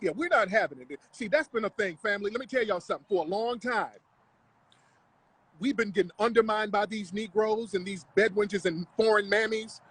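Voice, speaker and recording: A man's voice: high-pitched, fairly quick, a bit bright, breathy edge, no echo, low-quality recording. A man hosting a livestream, talking in a confrontational, mocking, profane rant. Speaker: livestream host. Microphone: live stream mic.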